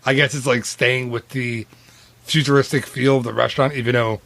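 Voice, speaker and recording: A man's voice: medium pitch, fairly even intonation, brisk, creaky, fairly bright tone. A man in his late thirties or forties, co-hosting a podcast in a chatty, rambling way, with lots of "dude" and restarts. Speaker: podcast co-host. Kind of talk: casual podcast chat.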